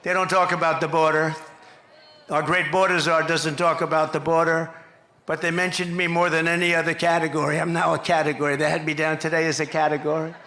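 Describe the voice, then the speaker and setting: An older man works a crowd at a campaign rally, boastful and repetitive, and shouts out his punchlines. His voice is slightly high and forceful. The sound rings with the echo of rally loudspeakers. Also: flat delivery, fairly quick, slight background noise. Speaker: political candidate at a rally. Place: outdoor rally stage.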